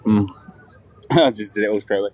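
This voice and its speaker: A man's voice: lowish voice, normal speed, a little mellow, slight background noise. A man chatting casually during a walking live stream outdoors, rambling and telling stories as he goes. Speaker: vlogger. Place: outdoors on city streets. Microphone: handheld camera while walking.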